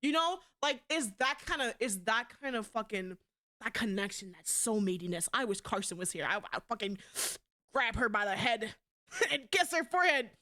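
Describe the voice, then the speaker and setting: A young woman streaming live, chatting casually and bluntly, swearing a lot and swinging between loud outbursts and quieter asides. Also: a little high, animated, moderate pace. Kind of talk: casual livestream chat.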